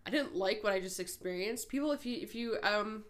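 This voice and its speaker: A woman's voice: medium pitch, a little fast. Woman, 20s, podcast co-host, casual chat, teasing, goofy. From northern Minnesota. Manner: goofy, teasing, laughs often.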